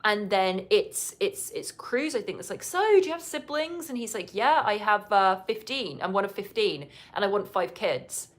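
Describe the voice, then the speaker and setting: A woman talks through a reality TV episode in a loose, conversational way, with dry asides. Now and then she slips into short impressions of the people on the show. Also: mid-range voice. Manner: chatty, wry, breaks into quick impressions of people on the show. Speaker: podcast host. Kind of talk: casual reality TV recap. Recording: live podcast recording.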